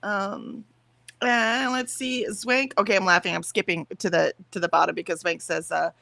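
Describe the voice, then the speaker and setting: A chatty woman with a Southern US accent, laughing easily as she reads out chat messages. Her voice sits mid-range and sounds close and dry, with no room behind it. She talks like a relaxed co-host on a morning stream. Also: mid-range voice, moderate pace, vocal fry, no room sound. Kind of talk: casual chat. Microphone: headphones with mic.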